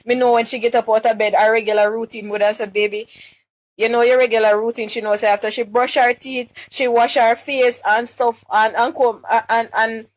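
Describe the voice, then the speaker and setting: On her live stream, a distraught young Jamaican woman on the verge of tears asks her audience for help, questioning them and often restarting or repeating herself. Her voice is on the high side, delivered flatly at a moderate pace.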